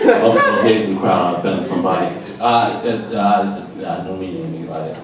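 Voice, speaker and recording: A man's voice: low-pitched, moderate pace, distant mic. A man in his twenties doing a loose, profane, rambling stand-up set, tipsy on stage. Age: 20s. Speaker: stand-up comedian. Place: comedy club stage. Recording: echoey club from afar, crowd noise. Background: audience reactions.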